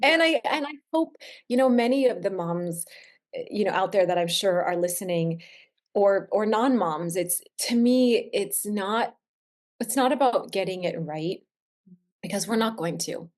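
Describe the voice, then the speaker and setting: In a heartfelt conversation, this thirty-something woman, who works as a wellness expert, talks with earnest reflection. Her pitch is medium and expressive, and she lingers slowly over the words she emphasizes.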